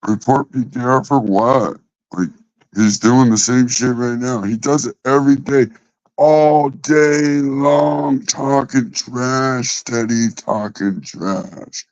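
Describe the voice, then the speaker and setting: A man's voice: medium pitch, slow pace, a little mellow, no room sound. A man hosting a casual livestream, rambling and swearing as he talks back to his chat. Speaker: livestream host. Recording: dull, lo-fi dry sound.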